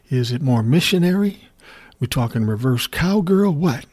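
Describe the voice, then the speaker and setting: A man talks straight to his listeners in a loose, ranting monologue. His delivery is sarcastic and peppered with swearing. His voice sits at an ordinary middle pitch for a man. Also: lively intonation, normal speed, a little mellow. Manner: profane, sarcastic storytelling. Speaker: commentary host.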